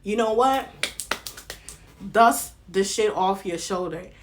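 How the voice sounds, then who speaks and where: A young woman with a Southern American accent, giving casual vlog commentary on reality TV in a lively, slangy way and talking straight to the viewer. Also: mid-range voice, takes it slowly, noisy background.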